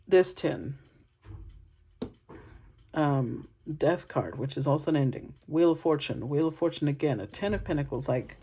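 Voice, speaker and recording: A woman's voice: deep voice, animated, measured pace, long pauses, dark tone, slightly rough. A woman giving an intuitive tarot reading to her viewers, musing and conversational as she thinks aloud. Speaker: tarot reader.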